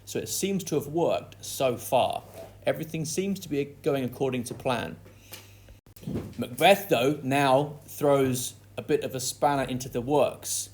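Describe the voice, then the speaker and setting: A man's voice: mid-range voice, unhurried, darkish tone, a little hiss or hum. A man teaching a lesson that analyses a play, reading quoted lines aloud with dramatic stress before explaining them. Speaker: English literature teacher.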